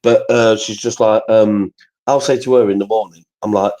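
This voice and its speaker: A man's voice: on the low side, steady tone, moderate pace, dark tone, rough recording. A man in casual chat on a live stream, blunt and sweary, often repeating himself. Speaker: guest on a live stream panel.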